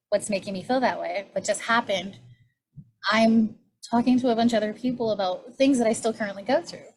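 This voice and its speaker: A woman in her forties teaching a healing class on triggers, candid and conversational, often checking in with a rhetorical "right?". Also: a little high. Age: 40s. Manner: candid, conversational, self-disclosing. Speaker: class facilitator.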